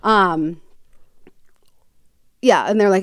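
A woman's voice: mid-range voice, animated, normal speed, dry recording. Woman podcast host, chatty true-crime storyteller, filler-heavy and jokey, dry close sound. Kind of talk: casual storytelling chat.

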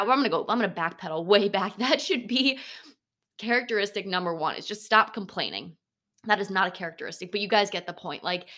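A young woman hosting a motivational podcast, talking bluntly and swearing freely, with animated asides. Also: medium pitch. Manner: animated, slips into mocking voices of others. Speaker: podcast host.

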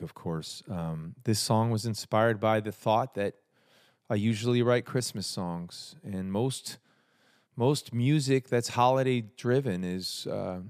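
A man hosting a podcast, chatting casually with a guest and telling stories, sinking into a low confiding tone for anecdotes. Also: a little mellow, no echo, clean studio sound. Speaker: podcast host. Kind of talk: casual chat and storytelling.

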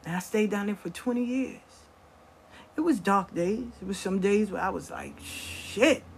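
A woman's voice: mid-range voice, normal speed, creaky, a little hiss or hum. A middle-aged woman telling stories from her life in blunt, profane casual talk, acting out the voices of the people she quotes. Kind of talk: casual storytelling.

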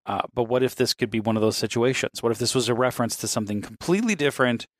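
A man in mid-range pitch chatting casually as a podcast co-host. He rambles through restarts and swears freely, with a chuckle never far off. The sound is dry and close, with no room around it. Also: racing, no echo. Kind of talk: casual chat.

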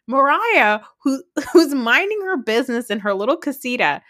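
A woman hosting a podcast, recapping reality TV in a casual chat, excitable and laughing through her sentences while swearing freely. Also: sits high, moderate pace, no room sound, studio quality. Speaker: podcast host.

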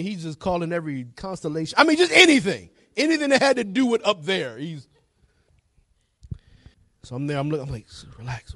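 A middle-aged man preaching a sermon, telling a story and moving from hushed talk to shouting. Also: on the high side, no echo, studio quality. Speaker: evangelist preacher.

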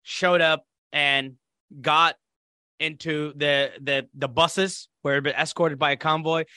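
A man's voice: a little high, takes it slowly, clear, resonant tone, dry recording, studio quality. A man from Iraq, a podcast guest, telling a story in casual conversation and acting out the voices of others. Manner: animated, acts out quoted voices. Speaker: interview guest.

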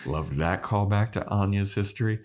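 A man's voice: on the low side, normal speed, darkish tone. A man co-hosting a podcast, recapping a show episode in a loose, chatty way. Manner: loose, chatty, laughing storyteller. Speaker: podcast co-host.

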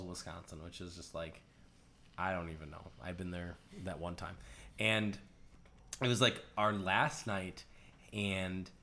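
Man, podcast co-host, low voice, rambling storyteller, filler-heavy, casual. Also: fairly bright tone. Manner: rambling, lots of "like", quick laughs.

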